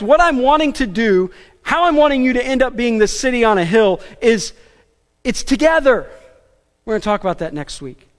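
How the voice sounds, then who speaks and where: A man preaching a sermon as pastor, animated and emphatic, with casual asides and self-deprecating jokes. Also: very high-pitched, big-room sound. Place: church sanctuary.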